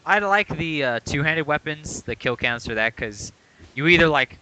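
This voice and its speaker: Bright-voiced man explaining a game. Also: fairly high pitch, lively intonation, moderate pace, a little hiss or hum, poor audio. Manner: explanatory, walks through game mechanics. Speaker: podcast co-host. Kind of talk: casual chat about a video game.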